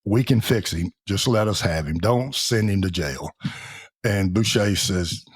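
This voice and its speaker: A man's voice: sits low, measured pace, slightly rough. A man, a Navy veteran guest telling folksy stories in a podcast interview and laughing as he acts out the people in them. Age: 70s.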